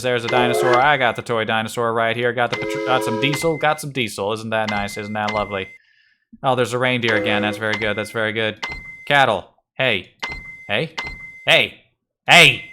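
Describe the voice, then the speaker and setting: A man's voice: medium pitch, noisy background. A man streaming a video game, muttering to himself in wry, slightly frantic casual commentary.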